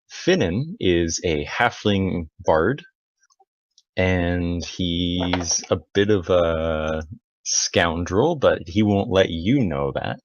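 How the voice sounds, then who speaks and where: Low-voiced man, player at tabletop session, halting delivery; dry, dull sound. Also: no echo. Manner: halting, with many fillers. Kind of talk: in-character description at a tabletop game.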